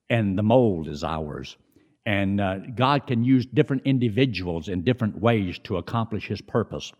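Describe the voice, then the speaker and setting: A middle-aged man preaching a sermon in a conversational way, rising high on emphasis and dropping low between.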